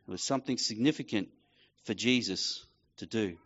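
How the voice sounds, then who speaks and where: A man's voice: lowish voice, normal speed, a bit bright, breathy edge, lo-fi sound. A middle-aged man preaching a casual sermon, acting out quoted voices as he tells a story. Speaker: pastor.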